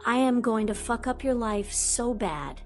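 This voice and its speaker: A woman's voice: on the high side, lively intonation, a little slow, soft background music. A woman reading as a brash, taunting teenage boy. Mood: threatening. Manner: brash, taunting and foul-mouthed. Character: reckless teenage boy wizard out for revenge.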